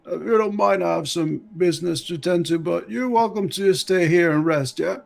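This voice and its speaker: A man's voice: high voice, normal speed, vocal fry, darkish tone, soft background music. A man voicing a tough male brawler who talks chummy and calls everyone mate. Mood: courteous.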